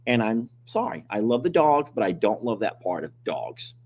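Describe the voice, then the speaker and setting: A man's voice: lowish voice, big pitch swings, moderate pace, darkish tone, husky. An older man, hosting a casual live-stream chat, joking and complaining animatedly. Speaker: host.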